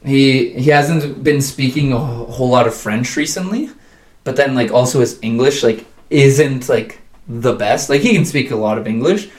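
A man's voice: mid-range voice, normal speed, echoey room. A man in an easygoing podcast conversation, his voice sitting in an ordinary middle register. He wanders through anecdotes, stacking "like" after "like" and laughing along the way. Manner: rambling, lots of "like", laughs while telling stories. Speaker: guest. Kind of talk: casual chat.

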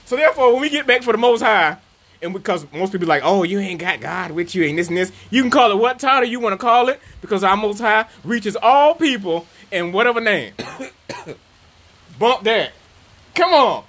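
Animated high-voiced man riffing loosely. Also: moderate pace. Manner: animated, rambling, preachy riffs and sudden chants. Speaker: podcast co-host. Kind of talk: loose comedic banter.

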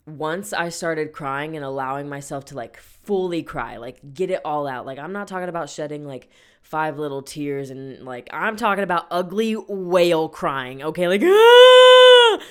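A young woman with a strikingly deep voice hosts a casual solo podcast. She talks in a chatty, playful way, often laughing and tossing in slang. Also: normal speed, smooth. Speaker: podcast host.

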